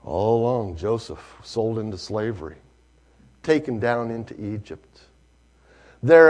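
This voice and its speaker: A male preacher, telling a story in a sermon, swinging from hushed to loud. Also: mid-range voice.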